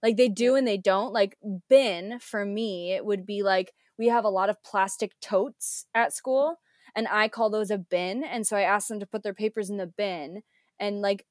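A woman's voice: mid-range voice, moderate pace, a little mellow, dry recording, studio quality. A young American woman, a teacher, talking casually in a conversation with many fillers and restarts. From United States.

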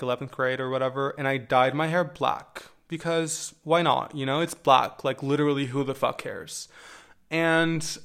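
A man's voice: fairly high pitch, fairly bright tone. A young adult man telling personal stories to camera in a casual, candid way, swearing freely and adding wry asides. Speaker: vlogger.

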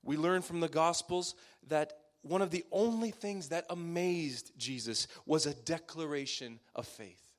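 A male preacher with a fairly high-pitched voice delivers a sermon in dramatic waves. He pushes phrases up with force, then lets them sink to a near-hushed close. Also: a little slow, few pauses.

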